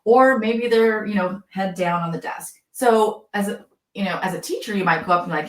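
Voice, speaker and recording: Expressive woman in an echoey room. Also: medium pitch, a little fast. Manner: expressive, acts out teacher and student voices, laughs often. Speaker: school psychologist guest. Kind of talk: animated interview talk with acted-out examples.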